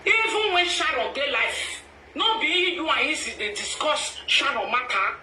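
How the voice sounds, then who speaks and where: Nigerian woman, high bright voice, emphatic pidgin commentary, echoey room heard from a distance. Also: animated, measured pace, slight background noise.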